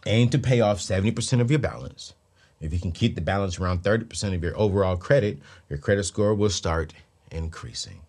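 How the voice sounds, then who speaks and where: A man hosting a personal finance show, speaking emphatically and repeating his key lines like a preacher. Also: fairly low pitch. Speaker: host. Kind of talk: motivational personal finance talk.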